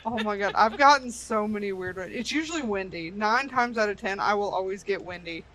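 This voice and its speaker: Woman, 30s, bright tone, casual storyteller. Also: medium pitch, brisk, slight background noise, poor audio. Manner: storytelling with acted quotes, laughs often. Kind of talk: casual chat.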